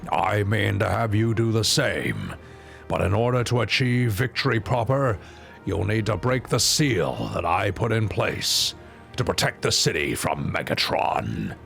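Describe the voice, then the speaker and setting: A man voicing a stately old two-headed lizard king in a deep, grave robot-hero style for a game. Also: expressive, vocal fry, a bit bright, heavily acted. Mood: commanding. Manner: slow, grave pronouncements. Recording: faint game music behind. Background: faint game music.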